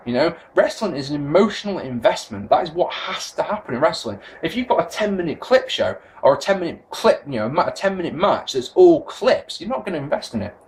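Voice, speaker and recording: This is a young English man on a casual vlog rant, swearing and tripping over his own restarts. His fairly high voice swings up and down with real energy. A faint hiss sits under the camera mic. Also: rough recording. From England. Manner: ranting, animated, swears freely, many restarts. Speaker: wrestling vlogger.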